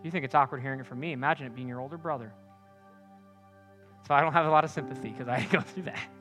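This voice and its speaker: A young man preaching a sermon to a campus group. He speaks earnestly and directly, moving between loud punchy lines and quiet confiding ones. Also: medium pitch, quick pace, faint music behind.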